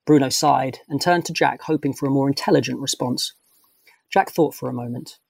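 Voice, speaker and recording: Husky man reading a children's story. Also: medium pitch, a little fast, no room sound. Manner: even, descriptive narration. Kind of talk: storybook read-aloud.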